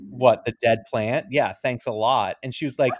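A man's voice: mid-range voice, steady tone, moderate pace, no room sound, clean studio sound. A man co-hosting a podcast, telling a story in casual chat and acting out both sides of a conversation. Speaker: podcast co-host.

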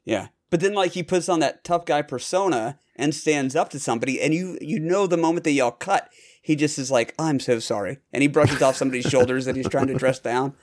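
A man's voice: a little high, brisk. Rambling, chatty podcast host man. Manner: rambling, self-correcting, chatty. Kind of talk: casual chat.

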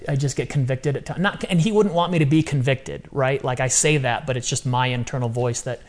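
A middle-aged man talking as a podcast guest in casual interview chat, animated and repeating phrases for emphasis. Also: medium pitch, brisk. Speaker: podcast guest, ministry founder.

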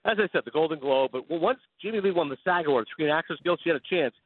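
A Canadian man on a sports radio show, telling animated stories in quick casual chat over a phone line. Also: on the high side, a little hiss or hum. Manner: animated, fast storytelling with laughs.

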